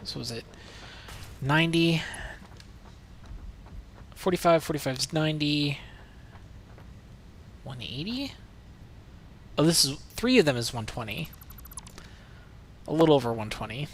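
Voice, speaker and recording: A man's voice: a little high, animated, measured pace, long pauses, slight background noise. A man streaming a video game, chatting casually and rambling as he plays, sometimes swearing. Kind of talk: casual livestream commentary while playing.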